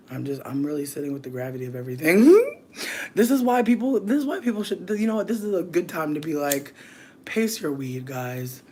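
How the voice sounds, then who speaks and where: A streamer high on weed gummies, rambling and swearing through casual late-night livestream chat, breaking into shrieking laughter. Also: mellow, a little hiss or hum.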